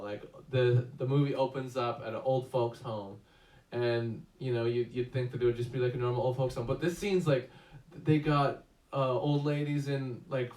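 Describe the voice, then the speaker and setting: A man's voice: medium pitch, a little mellow. A man hosting a casual movie review chat, rambling with many fillers and restarts. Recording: echoey room, distant mic.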